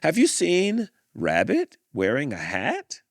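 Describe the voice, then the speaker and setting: Male reader as a polite squirrel asking questions, slow, rough-edged. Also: fairly high pitch, huge pitch swings, no room sound, studio quality, heavily acted.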